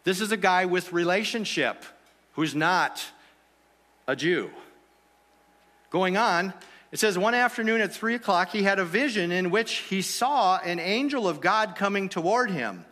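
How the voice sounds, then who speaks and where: A pastor preaches to his congregation in an easy, conversational way, often checking in with rhetorical questions. His voice sits a little high and rings bright and forceful. The sound trails off in the long reverb of a church hall. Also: lively intonation, unhurried. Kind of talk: sermon.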